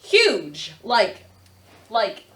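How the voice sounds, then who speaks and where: A woman's voice: medium pitch, wildly swooping pitch, drawn-out words, fairly bright tone, far from the mic. A young adult woman, a podcast guest, telling a story in casual chat, swearing and laughing often. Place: podcast studio.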